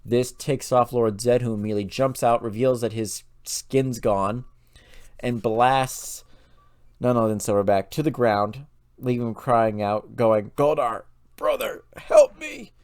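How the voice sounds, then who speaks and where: A man's voice: medium pitch, steady tone, unhurried, a little mellow, no echo, studio quality. A man hosting a lore channel, retelling a story casually with loose fillers and restarts.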